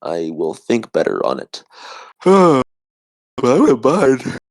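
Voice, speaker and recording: Podcast co-host, young adult man, sleepy and rambling, repeats himself, gravelly edge. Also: mid-range voice, huge pitch swings, normal speed, darkish tone. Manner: sleepy, repetitive self-talk. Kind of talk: rambling solo monologue.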